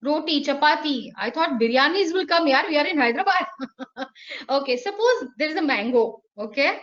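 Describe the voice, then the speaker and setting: Woman, high voice, lively teacher, dull lo-fi audio. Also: moderate pace. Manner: animated, acts out examples. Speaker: teacher trainer. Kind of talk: online lecture answering questions.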